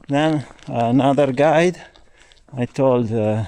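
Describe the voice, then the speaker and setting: A man's voice: mid-range voice, slow pace, a little mellow. A man with an Italian accent vlogging outdoors while touring, complaining and swearing to the camera in a casual way. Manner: grumbling, swearing, talking to camera. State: hot and tired. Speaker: cycling vlogger. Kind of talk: casual travel vlog. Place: outdoors at ruins.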